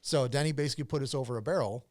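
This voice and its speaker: A man's voice: mid-range voice, very fast. A man as a podcast guest, telling a long casual story with lots of fillers, restarts and swearing.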